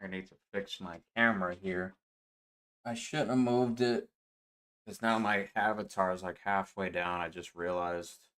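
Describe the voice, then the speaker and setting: A man's voice: sits low, steady tone, a little slow, a bit bright. A man streaming, reacting to clips in a chatty, laughing way with sing-song asides. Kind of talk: casual reaction chat.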